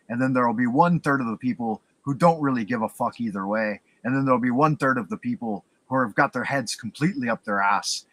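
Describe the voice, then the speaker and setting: A man's voice: medium pitch, fairly quick, few pauses, fairly bright tone. A man hosting a podcast, talking in an easygoing, opinionated way with jokes. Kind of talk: casual podcast conversation.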